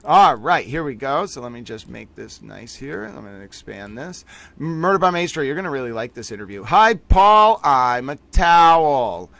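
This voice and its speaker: A man's voice: medium pitch, animated, brisk, vocal fry, bright, forceful tone, no room sound. A man hosting a long live stream, rambling playfully in mock-grand, theatrical wording, a little tired late in the session. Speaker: livestream host.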